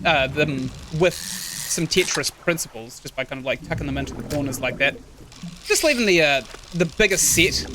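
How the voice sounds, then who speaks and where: A man's voice: on the high side, background noise. A young man chatting casually while streaming a video game and reading its text aloud. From New Zealand. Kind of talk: casual gameplay commentary.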